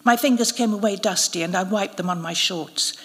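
A woman, an actress, reading a short story aloud at a live event in a measured, expressive way. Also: medium pitch. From United Kingdom. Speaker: narrator, actress. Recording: reverberant hall at a live event.

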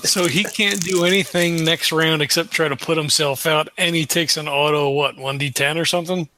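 A man playing a tabletop game asks quick rules questions in a higher, bright voice. His remarks are dry and short, with a little background hiss. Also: steady tone. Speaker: player.

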